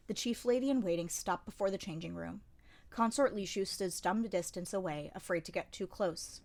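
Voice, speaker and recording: A woman's voice: mid-range voice, animated, a little fast, darkish tone. A woman narrating a light novel as an amateur audiobook reader, in a dry, wry storytelling manner. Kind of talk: scripted narration.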